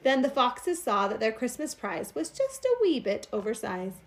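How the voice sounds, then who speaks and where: Brief: bright high female storyteller, lively sing-song read-aloud of a rhyming kids' book. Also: normal speed. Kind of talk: reading a children's picture book aloud.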